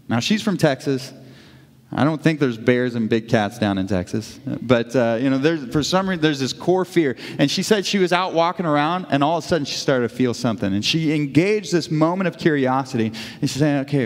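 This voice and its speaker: Conversational pastor preaching in a reverberant hall. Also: male voice, on the high side. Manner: conversational, self-correcting, acts out inner dialogue. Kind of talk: sermon.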